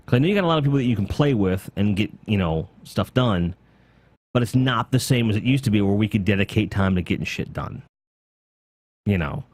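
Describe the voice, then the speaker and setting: A man hosting a casual gaming podcast, talking excitedly in long rambling runs with casual swearing. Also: lowish voice, fairly quick, no echo. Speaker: podcast host.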